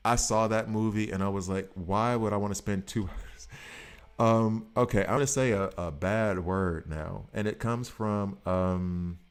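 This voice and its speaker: A gaming streamer chats casually while playing, animated, rambling, and jokey, breaking into quick voices. He has a low, clear, resonant voice.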